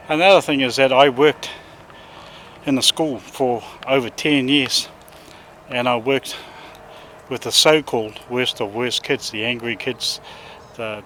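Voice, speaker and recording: Kiwi bloke, dog trainer, chatty and easygoing outside, mid pitch, bit of faint background noise. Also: male voice. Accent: New Zealand. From New Zealand. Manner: relaxed, chatty, calls loudly to his dog. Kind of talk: casual outdoor vlog talk. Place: outdoors in the bush with dogs.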